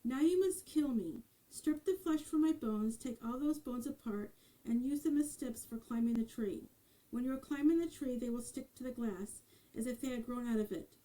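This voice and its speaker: A woman's voice: a little high, moderate pace, dark tone, lightly acted, low-quality recording. Woman reading as Auburn Mary, a resolute young helper. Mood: urgent. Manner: urgent, commanding instructions. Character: kind, resolute young giant's daughter.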